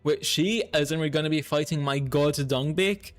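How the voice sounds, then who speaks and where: Excitable streamer man, slightly high voice. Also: moderate pace, no room sound. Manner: excitable, thinks aloud, reads game text to chat. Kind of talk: live game commentary. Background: faint game music.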